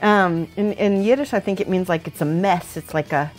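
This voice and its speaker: A woman's voice: lowish voice, normal speed, faint music behind. A woman hosting a livestream, chatting casually while she works, thinking aloud and laughing often. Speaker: livestream host painting models. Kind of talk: casual chat while working.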